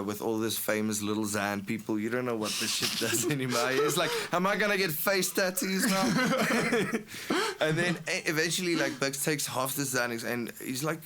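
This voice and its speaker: Laughing South African storyteller. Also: male voice, mid-range voice, slight background noise. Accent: South African English. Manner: animated, laughing storyteller, acts out quotes. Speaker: podcast guest, band frontman. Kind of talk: casual storytelling chat.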